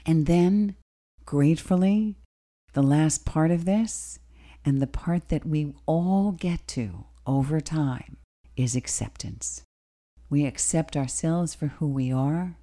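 Low mellow woman on talk radio, slow and steady, giving advice. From Bronx, New York. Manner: slow, deliberate, advising. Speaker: radio talk show host.

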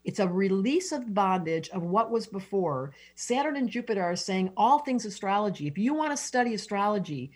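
A woman's voice: medium pitch, expressive, moderate pace, few pauses, breathy edge. A middle-aged woman, an astrologer guest, talking effusively and emotionally in an interview, often restarting her sentences. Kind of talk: enthusiastic interview talk.

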